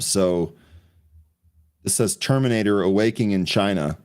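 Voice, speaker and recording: A man hosting a live pre-market trading show, reading headlines and walking through stock charts in a chatty, laughing way. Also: on the low side. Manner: reads headlines aloud and checks charts while chatting.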